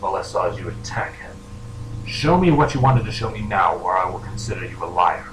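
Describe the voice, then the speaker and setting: A man voicing a stern, demanding shadowy pony, quiet and threatening. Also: low-pitched, brisk, voice pushed down, close to an everyday voice. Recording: echoey room with noise.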